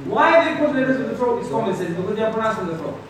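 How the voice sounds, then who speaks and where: Man, teacher, high voice, patient, call-and-response drills, distant mic, class murmur behind. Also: big pitch swings, very fast. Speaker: Quran teacher. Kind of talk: classroom tajweed lesson. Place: classroom with students. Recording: echoey room from far off, crowd noise.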